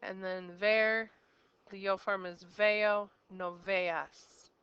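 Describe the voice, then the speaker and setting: A woman's voice: mid-range voice, fairly even intonation, slow, clean tone, dry recording, muffled recording. A woman as a teacher giving a recorded grammar lesson, explaining step by step and quizzing the listener with questions. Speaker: Spanish teacher.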